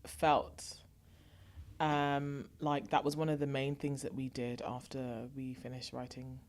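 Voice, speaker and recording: A young woman co-hosting a casual podcast chat, playful and quick to laugh. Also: very deep voice, completely flat delivery, darkish tone. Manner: playful, chatty, laughs easily. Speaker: podcast co-host.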